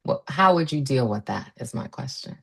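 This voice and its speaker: Woman, podcast host, very deep voice, gravelly fry, rambling question. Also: lively intonation, moderate pace. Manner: rambling, thinking aloud. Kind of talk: interview question.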